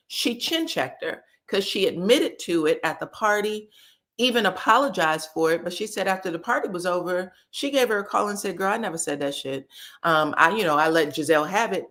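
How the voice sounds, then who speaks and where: A woman casually recapping a reality TV episode in a chatty, gossipy way, acting out the cast's quotes in animated voices. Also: mid-range voice.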